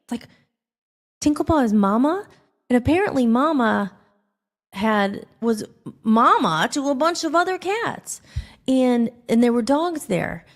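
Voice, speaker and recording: A woman hosting a podcast, telling a personal story in a rambling, animated way, acting out the dialogue. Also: fairly high pitch, a little slow, long pauses. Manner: rambling, animated, acts out quoted dialogue with filler "like". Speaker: podcast host.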